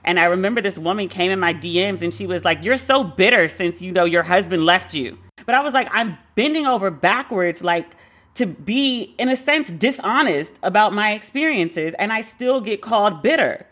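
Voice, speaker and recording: Give me a frank woman podcast host telling a dating story, animated and profane. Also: mid-range voice, moderate pace. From Brooklyn. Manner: animated, profane, acts out quoted dialogue. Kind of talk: candid storytelling monologue.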